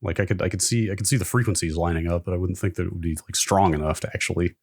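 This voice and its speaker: A man's voice: low voice, fairly even intonation, rapid-fire, breathy edge, no echo. A man co-hosting a tech podcast, casually chatting, asking curious questions and summing up a blog post. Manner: curious, asks questions, reads aloud from a post. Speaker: podcast co-host. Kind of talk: casual chat.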